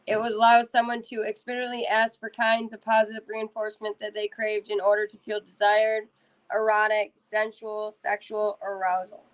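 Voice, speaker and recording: A woman's voice: mid-range voice, little pitch movement, normal speed, rough recording. A woman co-hosting a podcast, reading out definitions in a matter-of-fact way. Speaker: podcast co-host. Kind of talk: reading list items aloud.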